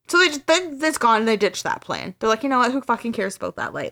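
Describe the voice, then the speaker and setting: A woman's voice: a little high, very animated, fast talker, vocal fry, hardly any pauses, a bit bright. A woman podcast host casually retelling a story, acting out the dialogue with casual swearing.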